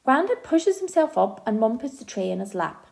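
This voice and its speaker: Woman, audiobook narration, gentle storytelling, mellow dark tone. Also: on the high side, big pitch swings, moderate pace, vocal fry.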